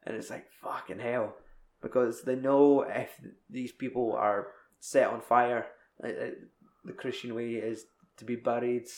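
A young man in casual chat, recapping a film in a rambling, sweary way. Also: mid-range voice. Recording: echoey room.

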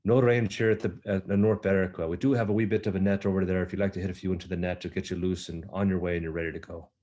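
A man's voice: low voice, little pitch movement, racing, warm tone, lo-fi sound. A man voicing a courteous but blunt golf starter. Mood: polite. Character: polite, firm Scottish golf starter, male.

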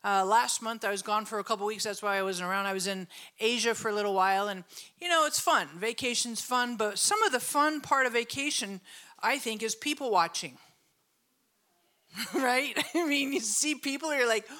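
A woman's voice: fairly high pitch, moderate pace. A middle-aged woman pastor giving a conversational sermon, telling stories with lots of laughter and asking the audience questions. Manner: storytelling, animated, laughs often, asks the audience questions.

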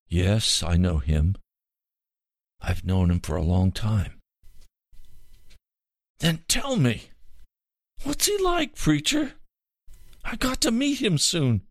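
A man's voice: fairly low pitch, measured pace, no room sound, studio quality. A man doing a wheezing dying old mountaineer. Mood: pleading. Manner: wheezing, gasping, rough country talk.

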